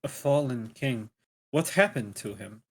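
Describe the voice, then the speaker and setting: A man's voice: medium pitch, animated, a little slow, creaky. A man playing a tabletop role-playing game, speaking hesitantly and stumbling over words as he questions. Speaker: player.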